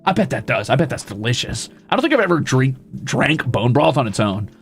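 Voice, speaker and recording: A man's voice: mid-range voice, big pitch swings, a little fast, soft background music. A young man hosting a casual stream, reading viewer messages aloud and ranting about them with profane mock exasperation. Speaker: streamer host.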